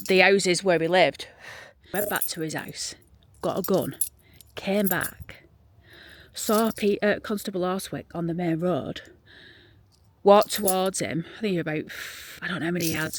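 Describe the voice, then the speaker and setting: A woman with a Yorkshire accent telling a local true-crime story in a chatty, rambling way while walking through a churchyard, sometimes dropping to a hushed near-whisper. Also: fairly low pitch, no room sound. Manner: chatty and rambling, drops to a hushed whisper when showing graves. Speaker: vlogger and graveyard guide. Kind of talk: casual storytelling walk-through. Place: outdoors in a churchyard.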